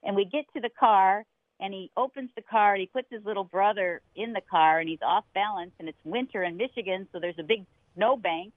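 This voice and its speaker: A middle-aged woman tells a story on a radio interview, lively and expressive, slipping into the voices of the people she quotes. Her voice comes through a narrow, phone-like line with a very dry, close sound. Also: medium pitch, brisk, no echo. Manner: animated, acts out quoted voices, laughs often. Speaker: co-host.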